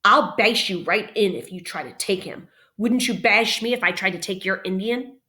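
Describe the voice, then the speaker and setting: A woman voicing a possessive, hot-tempered boy who yells and bosses. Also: moderate pace, lightly acted. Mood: defiant. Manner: shrill yelling, bossy.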